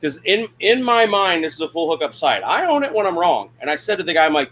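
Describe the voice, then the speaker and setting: A man hosting a relaxed livestream from inside his camper, his voice bright and forward. He rambles through stories, laughs at himself, and stops to answer comments from the chat. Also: a little high, fast, few pauses, a little hiss or hum. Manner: rambling, self-deprecating, laughs often, reads chat comments aloud. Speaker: livestream host. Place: RV camper interior at a campground.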